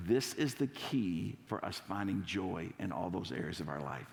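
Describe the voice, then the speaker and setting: A male pastor with a low, gravelly voice delivers a sermon. He talks in a playful, coaxing way as he leads his congregation. His words echo with a long reverb through a big sanctuary. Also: moderate pace, few pauses. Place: church sanctuary.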